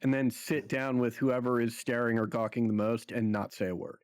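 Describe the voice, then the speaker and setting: A man's voice: mid-range voice, fairly even intonation, normal speed, no echo, studio quality. A man playing a tabletop role-playing game, easygoing, asking questions about the scene. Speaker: player. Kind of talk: casual tabletop play.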